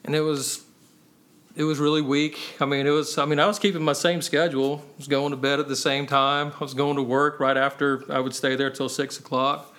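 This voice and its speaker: A man's voice: fairly high pitch, flat delivery, a little fast, fairly bright tone. A man sharing his personal testimony as a podcast guest, earnest and conversational, often adding "man" and "you know.".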